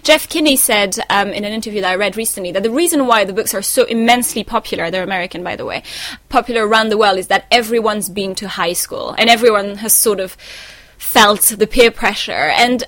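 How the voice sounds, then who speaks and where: A young woman co-hosts a podcast in a casual, thoughtful, chatty way, using fillers and making small self-corrections. Her mid-range voice is fairly bright and her pace is a little fast.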